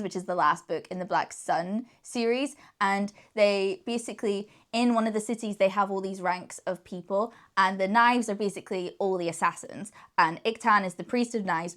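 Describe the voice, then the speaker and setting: A young woman chatting casually about books she loved, enthusiastic and giggling often between sentences. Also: medium pitch. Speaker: book reviewer. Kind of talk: casual chat.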